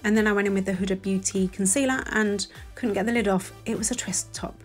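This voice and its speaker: A woman in her forties from London with a London accent narrates a beauty tutorial. She sounds chatty and self-deprecating and gushes over her favourites, at a middling pitch for a woman. Soft music plays faintly beneath the voice-over. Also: fairly even intonation, quick pace. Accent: London English. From England. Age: 40s. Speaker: beauty vlogger.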